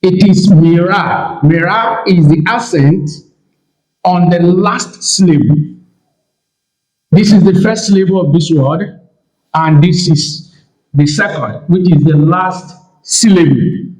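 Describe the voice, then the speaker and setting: A man with a fairly high voice gives a slow, measured lecture on Hebrew grammar. He repeats each key term and pauses often between phrases. The room around him is noticeably echoey. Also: a little mellow. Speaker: pastor teaching Hebrew.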